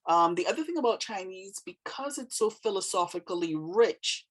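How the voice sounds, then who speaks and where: A woman who teaches the language, explaining the script in a relaxed monologue, thinking aloud with many fillers and restarts. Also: mid-range voice, moderate pace.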